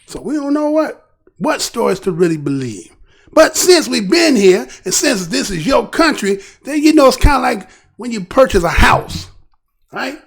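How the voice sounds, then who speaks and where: Gravelly high-voiced man ranting. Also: big pitch swings, moderate pace. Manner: heated, repetitive rhetorical questions. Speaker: commentary show host. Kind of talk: casual political commentary.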